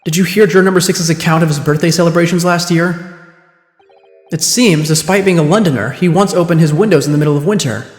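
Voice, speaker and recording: A man's voice: a little high, fast talker, faint music behind, lightly acted. A man reading an earnest young lawyer. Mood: probing. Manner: firm, probing cross-examination. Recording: echoey room with long reverb.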